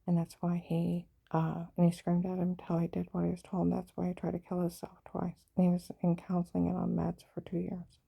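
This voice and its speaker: A woman's voice: fairly low pitch, monotone, brisk, vocal fry, few pauses, mellow, breathy edge. A woman giving a rambling personal account in an aggrieved, insistent way.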